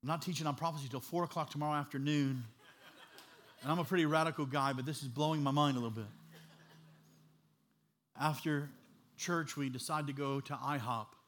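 A man preaching a sermon as an animated, humorous storyteller. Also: on the high side, brisk, pauses often.

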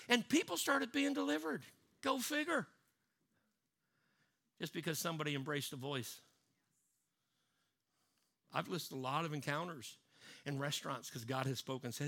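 A man preaching a sermon, swinging from loud emphatic lines down to low, hushed ones. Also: expressive, normal speed, vocal fry, pauses often. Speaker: pastor.

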